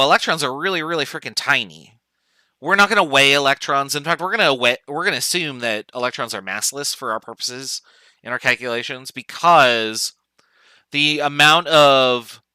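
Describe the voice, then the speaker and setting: A male chemistry professor lecturing remotely in a casual, chatty manner. His voice is very bright and crisp, and the sound is dry, with little room around it. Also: mid-range voice, no room sound, rough recording. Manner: relaxed, informal explaining with asides.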